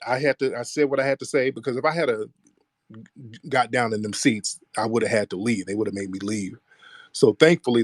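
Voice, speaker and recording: A man tells a heated story in a relaxed, slangy voice with speech. His pitch sits in the middle range. The sound is dry and close, with no room echo. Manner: animated retelling with voiced quotes, rising when heated. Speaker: commentator. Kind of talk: casual storytelling monologue.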